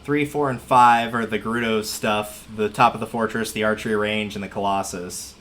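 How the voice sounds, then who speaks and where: A man's voice: fairly low pitch, fairly even intonation, normal speed, a bit bright. A man giving casual gameplay commentary on a livestream, chatty and wry, joking as he plays.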